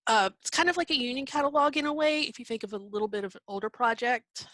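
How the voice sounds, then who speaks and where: With a slightly high, somewhat bright voice and a quick pace, a female library presenter explains her shared screen in a virtual conference session. She's conversational, restarts and uses fillers, and keeps hiccuping; the audio is dry and rough.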